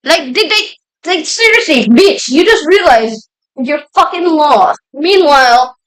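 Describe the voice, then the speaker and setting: A young woman streaming a story game, reading it aloud and rambling about it in a profane, excitable way. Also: high-pitched, a little slow, low-quality recording. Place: indoor room with a fan running. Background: loud music.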